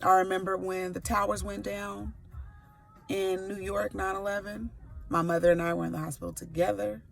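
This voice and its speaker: Candid, gravelly-voiced woman in her forties. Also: medium pitch, flat delivery, normal speed, faint music behind. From California. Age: 40s. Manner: candid, playful asides, slangy. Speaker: sickle cell advocate. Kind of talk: personal testimony to camera. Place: before work, recording a video.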